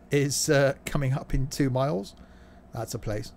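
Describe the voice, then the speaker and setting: Driving in a train simulator on stream, this man keeps up a chatty, joking banter with viewers. He has a mid-range, gravelly, slightly mellow voice at normal speed.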